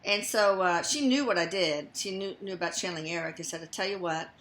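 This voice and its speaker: An older woman hosts an easygoing conversation, her voice bright and pointed. She speaks softly and lets her thoughts trail away. The room around her rings with echo. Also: fairly low pitch, fast. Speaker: host. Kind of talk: casual chat. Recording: echoey room.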